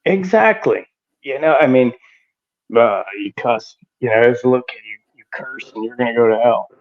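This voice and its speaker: A man's voice: mid-range voice, moderate pace. Blunt, swearing middle-aged man, lo-fi sound. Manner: blunt storytelling, swears freely. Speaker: podcast guest, retired army sergeant major. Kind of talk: casual chat.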